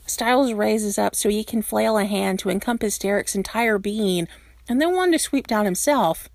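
A woman reading a fan fiction story aloud, expressive and animated. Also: mid-range voice, normal speed, vocal fry, no echo, clean studio sound. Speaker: reader.

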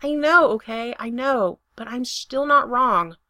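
A woman's voice: on the high side, animated, unhurried, sharp tone, dry recording, studio quality. A woman voicing an insistent, bewildered young man who pleads with urgency. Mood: upset insistent.

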